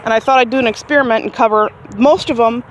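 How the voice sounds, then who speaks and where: A woman's voice: fast talker, a little hiss or hum. A woman giving a casual, rambling tour of her vegetable garden outdoors, talking to the camera as she walks. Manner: chatty and rambling, talks to her chickens in a high sing-song. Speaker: gardening vlogger. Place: outdoors in a backyard garden near chickens. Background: birds and chickens clucking faintly.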